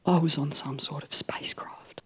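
A woman voicing an elderly grandmother who quietly recounts being abducted by aliens, in a hushed, whispered tone. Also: lowish voice, fairly even intonation, moderate pace, slightly rough.

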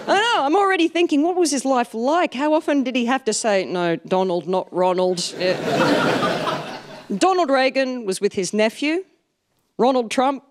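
A woman, telling self-mocking comic stories to a live audience with deadpan punchlines. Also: sits high, unhurried, long pauses, a little hiss or hum. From Australia. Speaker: stand-up comedian.

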